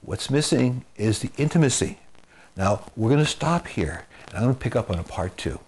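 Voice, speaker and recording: A marriage and family therapist addresses the camera with earnest advice, his medium-pitched voice a little mellow and his intonation lively. He talks at a moderate pace, repeats phrases to drive points home, and reaches for homespun comparisons from daily life.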